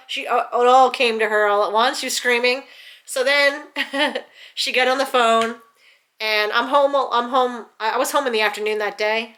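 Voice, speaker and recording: A middle-aged woman from the New York area telling a family story at home in a chatty, animated way, full of fillers and restarts. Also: on the high side, normal speed. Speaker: vlogger. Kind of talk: casual storytelling.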